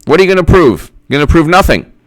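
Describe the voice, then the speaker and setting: Male commentator, higher pitch, very animated delivery, incredulous rhetorical questions, casual. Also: fast talker. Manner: greets live chat viewers by name. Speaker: political commentary host.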